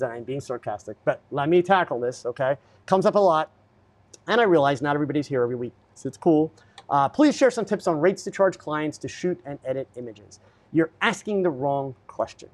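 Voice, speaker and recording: Guy doing a live q&a stream, kinda high voice, blunt and preachy, lots of ums. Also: animated, brisk, darkish tone. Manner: blunt, lecturing, with fillers. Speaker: podcast host answering viewer questions.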